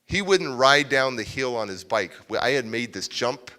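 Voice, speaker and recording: Male motivational speaker, bright voice, mid pitch, confessional live storyteller. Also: lively intonation, moderate pace. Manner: confessional, acts out quoted voices loudly. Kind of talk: personal storytelling speech to a live audience. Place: civic center event hall.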